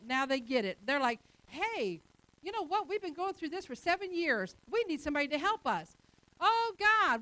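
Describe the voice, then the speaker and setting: A woman's voice: high-pitched, fairly bright tone. A woman preaching a sermon in an emphatic, conversational way, acting out quotes as she goes.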